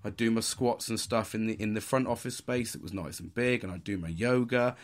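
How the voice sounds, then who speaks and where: Sweary bloke telling stories. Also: male voice, fairly low pitch, fairly even intonation, a little fast. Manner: swears a lot, puts on mock posh voices. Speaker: podcast host. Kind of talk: casual storytelling.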